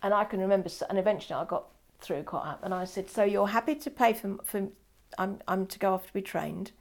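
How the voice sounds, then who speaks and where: A woman's voice: mid-range voice, fast talker. An older woman telling a personal story in an interview, acting out quoted dialogue. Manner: animated, acts out quoted dialogue.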